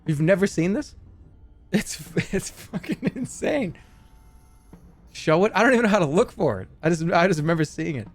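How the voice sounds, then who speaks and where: A man's voice: sits high, lively intonation, normal speed. A man streaming a game, rambling and joking in casual chat while reading viewer messages aloud. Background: faint game music.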